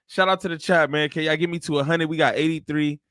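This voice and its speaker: A man's voice: fairly high pitch, steady tone, fast, a bit bright, no room sound, studio quality. Laughing, profane man streaming reactions. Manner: bursts of laughter, loose and profane. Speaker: live-stream reaction host. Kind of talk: casual live-stream reaction commentary.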